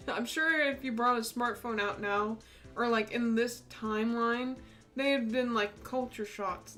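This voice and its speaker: A young woman giving casual, playful commentary while streaming a game, laughing often and throwing in mock cowboy yells. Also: on the high side, slow pace, pauses often, soft background music. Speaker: gaming streamer. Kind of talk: casual let's play commentary.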